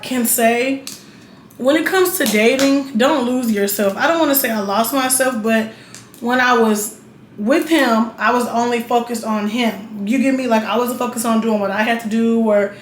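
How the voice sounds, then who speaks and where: A young woman talks straight to camera, blunt and profane and full of asides to the viewer. Her voice sits a little high. The room adds a roomy echo over a faint hiss of noise. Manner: blunt, profane, chatty, keeps checking in with the viewer. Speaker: vlogger. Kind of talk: casual storytelling while getting ready.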